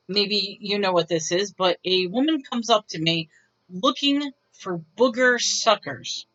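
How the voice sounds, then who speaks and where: A woman's voice: mid-range voice, bright, forceful tone, muffled recording. A woman casually telling retail stories to her viewers in a wry, bemused, chatty way, often restarting her sentences. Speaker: retail worker vlogger. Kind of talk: casual storytelling to camera.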